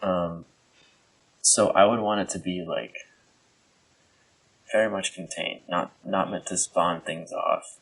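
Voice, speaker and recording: Gravelly low-voiced man chatting. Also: fairly even intonation, slow pace, pauses often, fairly bright tone, rough recording. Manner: rambling, jokey, many fillers. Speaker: podcast co-host. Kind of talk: casual chat.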